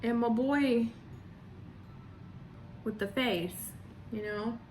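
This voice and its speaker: A woman's voice: fairly high pitch, very slow, darkish tone, a little hiss or hum. Giggly woman vlogger. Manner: giggly, laughs often, trails off and hesitates. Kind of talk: casual reaction commentary.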